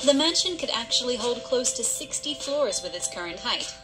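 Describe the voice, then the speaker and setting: A woman with a slightly high voice reads a scripted countdown narration. She teases with rhetorical questions throughout. Loud music runs under her voice in the played clip. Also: animated, moderate pace, rough recording. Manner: teasing, rhetorical. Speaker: video narrator.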